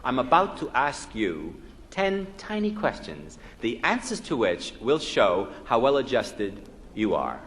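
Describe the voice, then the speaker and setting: A man's voice: medium pitch, big pitch swings, unhurried, a bit bright. A man from the United States lectures on psychology with a comedian's timing, his voice rising and falling freely as he tells jokes and quizzes the audience. It sounds like a 1961 live LP, with a long hall reverb and a faint hiss underneath. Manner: joke-telling, quizzing the audience with rhetorical questions.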